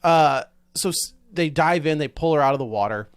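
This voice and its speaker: A man's voice: fairly high pitch, expressive, moderate pace, clean tone, no room sound, studio quality. A man hosting a casual movie podcast, walking through the plot step by step with plenty of fillers. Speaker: podcast host recapping the plot. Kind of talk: casual movie review chat.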